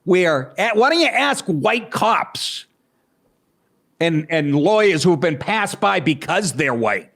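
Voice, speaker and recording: A man hosting a comedy podcast, pausing a clip to mock it with sarcastic, profane commentary. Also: sits high, very animated, a bit bright. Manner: sarcastic, interrupting, swearing mockery.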